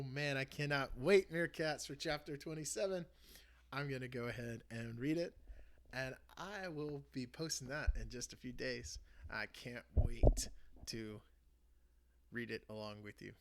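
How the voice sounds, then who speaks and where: A man hosting his channel, reading a children's book aloud with an expressive delivery. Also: mid-range voice, a little slow. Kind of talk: storybook read-aloud.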